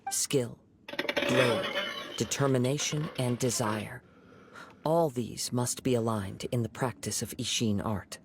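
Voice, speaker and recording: An actor voicing a calm wandering young male swordsman in a video game, speaking in a composed, measured, gentle manner. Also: medium pitch, noisy background. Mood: earnest. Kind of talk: game voice acting. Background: game music.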